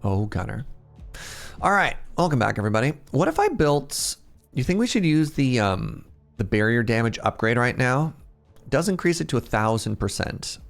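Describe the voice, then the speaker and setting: A man in his thirties giving casual, animated live-stream commentary as he plays, laughing often and chatting with his viewers. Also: mid-range voice, normal speed, gravelly, soft background music. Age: 30s. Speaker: game streamer.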